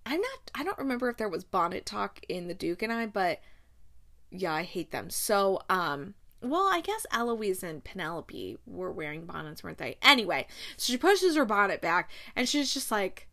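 A woman hosts a casual book-chat podcast in a bubbly, gushing way. She darts into quick asides and laughs often. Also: medium pitch, very animated, bright, forceful tone. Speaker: podcast host.

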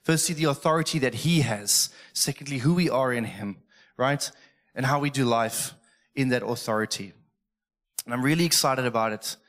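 A man's voice: medium pitch, moderate pace, a bit bright. Earnest, emotional male pastor. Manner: earnest, emotional, conversational preaching. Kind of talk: sermon. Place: church stage.

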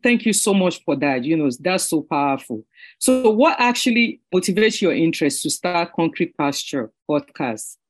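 Soft-spoken woman podcast host. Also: on the low side, sing-song, normal speed. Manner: encouraging, soft affirmations. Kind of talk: casual conversational interview.

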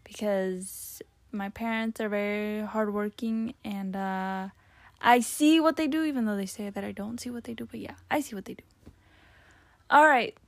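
A woman's voice: mid-range voice, moderate pace, no echo. A young woman hosting a casual solo podcast, chatting and rambling through her old written notes with lots of fillers. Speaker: podcast host.

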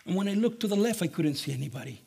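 A man speaking as a young girl in a children's story, calm and earnest. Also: high voice, rapid-fire, creaky, slightly rough, heavily acted.

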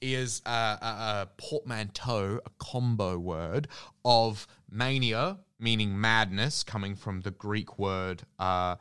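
Man, casual podcast co-host, eager and rambling, smooth voice, dry studio sound. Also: on the low side, takes it slowly, a bit bright, no room sound. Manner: enthusiastic, rambling with many restarts. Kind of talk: casual chat.

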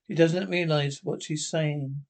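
Skeptical husband, read by a man, firm and reassuring, slowish. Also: a little high, steady tone. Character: calm worried husband, skeptical.

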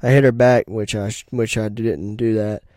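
A man's voice: fairly low pitch, fairly even intonation, normal speed, darkish tone, dry recording, studio quality. A young man telling personal stories as a podcast host, in a blunt, profane and rambling way. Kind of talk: casual storytelling monologue.

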